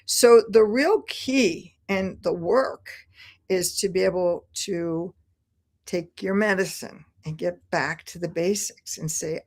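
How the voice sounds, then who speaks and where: A woman's voice: on the low side, takes it slowly. A woman speaking as a podcast guest, talking in an earnest, flowing, encouraging way about spiritual growth. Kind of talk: podcast conversation.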